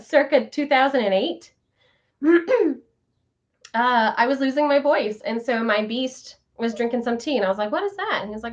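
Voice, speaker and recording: A bubbly, giggly woman with a high, bouncy voice that leaps all over the place, chatting warmly with her viewers. She sounds like she is on a casual live stream. The audio is a little dull and muffled. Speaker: vlogger host.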